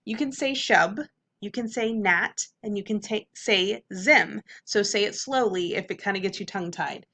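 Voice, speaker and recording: A young adult woman teacher giving an upbeat phonics lesson, clearly sounding out letters and syllables. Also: medium pitch, moderate pace, a bit bright.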